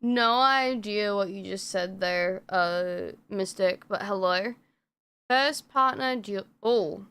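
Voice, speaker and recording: A woman's voice: mid-range voice, slow pace, fairly bright tone, clean tone. A woman streamer chatting casually on a live stream, rambling with lots of fillers and frequent swearing.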